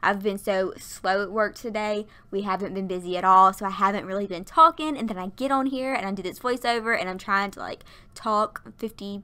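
Narrating a Sims build from her workplace, a YouTuber in her 20s keeps up a rambling, casual chat full of laughter, though she sounds worn out and short of breath. Her medium-pitched voice is brisk, smooth, pushed and bright, captured on a desktop USB mic.

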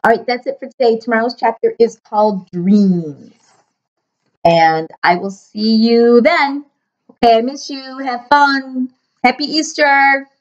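A woman's voice: fairly high pitch, unhurried. A woman who teaches fifth grade, reading a children's book aloud to her pupils and signing off to them. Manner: animated, warm sign-off to pupils. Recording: dull lo-fi recording.

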